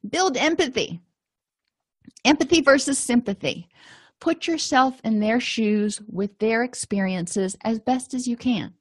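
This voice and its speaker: A woman's voice: on the high side, animated, a little slow, dry recording. A woman, a counselor, teaching a conversational lesson on empathy in relationships and acting out little quoted exchanges. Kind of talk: informal lecture on empathy.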